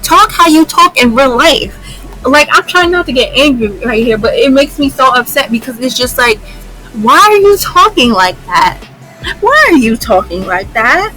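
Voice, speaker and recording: A young woman vents to her viewers in an exasperated vlog rant, often saying a line twice for emphasis. Her voice sits fairly high and sounds bright and sharp, with soft music playing faintly behind her. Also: big pitch swings, moderate pace, rough recording. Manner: exasperated, repeats lines for emphasis. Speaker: YouTuber.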